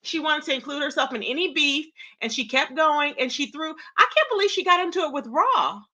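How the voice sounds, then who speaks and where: Woman live-streamer, high and bright, sassy straight-talking host addressing chat. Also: lively intonation, a little fast. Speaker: livestream host. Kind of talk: casual live-stream commentary.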